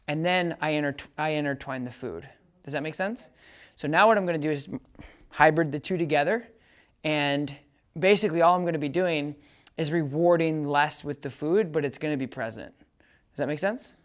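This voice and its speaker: A woman's voice: low-pitched, normal speed. A woman dog trainer giving a hands-on lesson in a casual, chatty way, often checking that her listener follows and breaking into short upbeat praise commands for the dog. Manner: casual explainer, keeps checking "does that make sense?".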